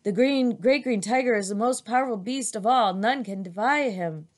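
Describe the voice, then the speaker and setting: A woman's voice: fairly high pitch, moderate pace, lightly acted. A woman reading aloud, voicing a small boy who insists on his protector's power. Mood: defiant. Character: small boy, loyal and defiant.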